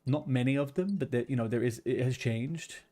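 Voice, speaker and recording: A man's voice: mid-range voice, brisk, mellow. Ranting streamer guy. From London, England. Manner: chatty, ranting, swears freely. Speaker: livestreamer. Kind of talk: casual chat with viewers. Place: home room with a blue wall.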